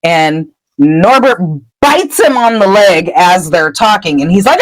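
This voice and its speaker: Animated woman recapping a chapter. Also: medium pitch, unhurried, hardly any pauses, poor audio. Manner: animated, laughing storyteller. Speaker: podcast host. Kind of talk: casual chapter recap with acted voices.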